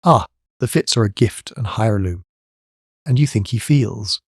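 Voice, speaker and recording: A man's voice: fairly low pitch, animated, a little slow, darkish tone, husky, dry recording, clean studio sound. A man reading the part of a young male pirate lieutenant in an audiobook, speaking with a wry, knowing tone. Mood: amused.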